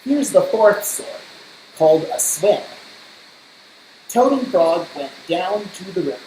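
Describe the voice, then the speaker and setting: A woman reads a children's storybook aloud at a slow, measured pace. Her voice sits on the low side. The room is roomy and echoey, with a faint hiss underneath. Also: expressive, dark tone. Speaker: storybook reader. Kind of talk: reading a children's book aloud.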